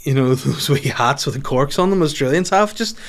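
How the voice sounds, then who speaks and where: A man's voice: medium pitch, lively intonation, brisk. A man in his thirties with a Northern Irish accent, a comedian hosting his own podcast, talking in a casual, rambling, sweary and jokey way. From Northern Ireland. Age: 30s. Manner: sweary, rambling, jokey, slips into mocking voices. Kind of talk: casual solo podcast monologue.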